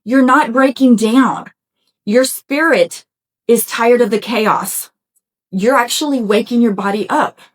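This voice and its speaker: Encouraging middle-aged woman, slightly high voice. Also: measured pace. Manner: encouraging and conversational, talks straight to listeners; folksy, with frequent "y'all" and "right?". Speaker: podcast host. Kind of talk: motivational self-help talk.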